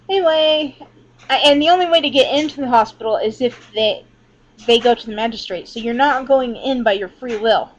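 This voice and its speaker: With a fairly high voice at normal speed, a woman rambles candidly and swears a lot into her laptop, leaving long pauses. It's a casual webcam vlog recorded indoors at home as she leans back from the screen. The built-in laptop mic makes the audio dull and lo-fi.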